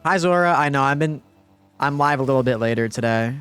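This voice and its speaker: A man's voice: medium pitch, brisk, clear, resonant tone, faint music behind. A young man streaming a game live, talking casually to his chat and teammate, muttering and then bursting into frustrated outbursts. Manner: swings between muttered calm and frustrated outbursts. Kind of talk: live gameplay streaming commentary.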